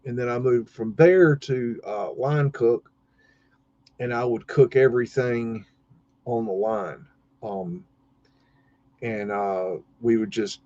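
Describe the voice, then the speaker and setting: A man's voice: medium pitch, dark tone. Rambling folksy man, lo-fi stream. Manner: folksy, swears casually, lots of fillers. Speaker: podcast host. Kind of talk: casual rambling storytelling.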